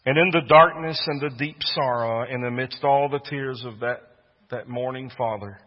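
A man preaching a sermon in an earnest way that swells to loud, fervent peaks. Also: mid-range voice, normal speed, in a large hall, lo-fi sound. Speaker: pastor.

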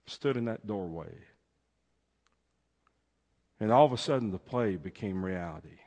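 A man telling a heartfelt true story, expressive, swinging between loud and hushed. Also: fairly low pitch, unhurried, long pauses. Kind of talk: emotional storytelling. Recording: long hall reverb.

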